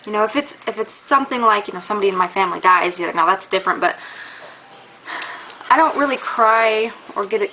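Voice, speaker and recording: A woman's voice: mid-range voice, lively intonation, a little fast, highs cut off, slight background noise. A young woman talking casually in a pregnancy vlog, rambling with many fillers and restarts, candid and a little embarrassed. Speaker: vlogger.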